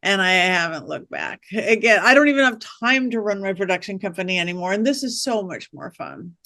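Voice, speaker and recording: Animated woman telling stories, dry sound. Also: mid-range voice, a little fast, no room sound. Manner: animated storyteller acting out quoted voices. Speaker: guest, witch and psychic medium. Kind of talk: storytelling interview chat.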